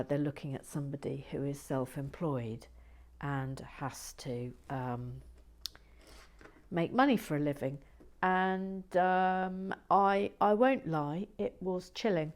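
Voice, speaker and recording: A woman hosting a relaxed building video, rambling and self-mocking, often dropping to a whisper as she works. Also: sits low, measured pace. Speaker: host of a building channel.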